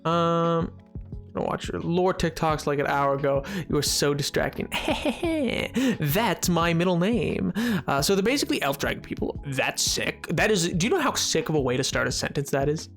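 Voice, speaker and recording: A man's voice: fairly high pitch, lively intonation, fairly bright tone, faint music behind. Joking, boastful young male streamer. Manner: joking, boastful, rambling, quick laughs. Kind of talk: casual chat while playing a game.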